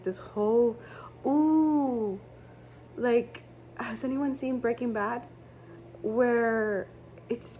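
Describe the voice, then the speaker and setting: A woman's voice: fairly high pitch, a little mellow, slight background noise. Chatty rambling woman tarot reader. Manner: rambling, chatty, frequent fillers and restarts. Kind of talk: casual tarot reading chat.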